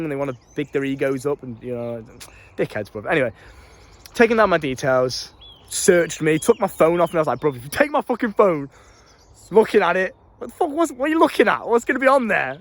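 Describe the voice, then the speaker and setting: A young British man telling a story in a casual, animated way, laughing often and swearing freely. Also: a little high. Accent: British English. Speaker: self-improvement YouTuber.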